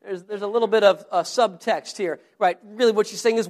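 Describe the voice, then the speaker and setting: A man's voice: high voice, steady tone, fairly quick, darkish tone. A male pastor giving a conversational sermon, asking the congregation questions and often repeating his words.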